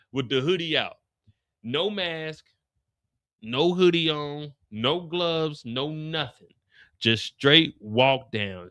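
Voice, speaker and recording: Man, after-show host, bright voice, highish pitch, casual animated recap, acts out lines. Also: clean tone.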